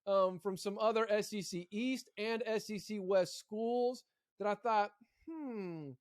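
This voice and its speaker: A man with a high voice co-hosts a casual college sports podcast. He talks in bursts, often repeating a word before he gets going. The sound is dry and close. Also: a little slow, smooth, dry recording. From Arkansas. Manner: animated, repeats words when thinking. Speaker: podcast co-host.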